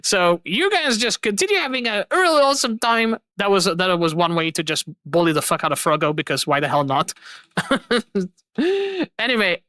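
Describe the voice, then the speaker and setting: A woman's voice: on the low side, lively intonation, normal speed, sharp tone, no room sound. A woman streamer signing off her stream in a casual, effusive, rambling way, repeating her thanks. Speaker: streamer and host.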